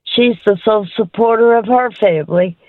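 A woman from Georgia, calling a radio show from her parked car, tearful, apologetic and halting. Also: mid-range voice, dry recording. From Georgia, USA. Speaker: caller. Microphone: phone. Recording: tinny phone line.

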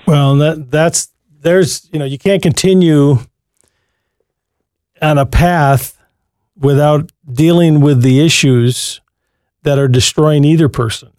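A man's voice: on the high side, slow, long pauses, a little mellow, no room sound, studio quality. A man hosting a Christian call-in advice show, talking to callers in a reassuring, folksy way. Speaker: radio call-in host.

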